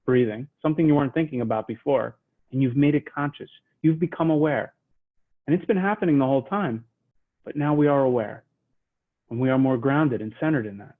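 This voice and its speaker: Tinny-sounding man guiding a calm breathing exercise. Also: mid-range voice. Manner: slow, soothing, drops to a hush while counting breaths. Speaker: leadership trainer. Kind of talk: guided mindfulness lesson.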